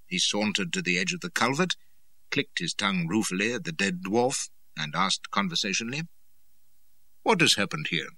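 A man narrating a first-person adventure story, expressive and dramatic. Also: deep voice, brisk, no echo. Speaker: audiobook narrator.

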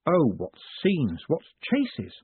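Brief: man doing a glib con man, cocky and theatrical, husky voice, tinny dry sound. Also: fairly high pitch, wildly swooping pitch, takes it slowly, dry recording, pitched above the performer's own voice, heavily acted. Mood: smug. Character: smooth-talking, cocky young male con man. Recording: phone-like dry audiobook sound.

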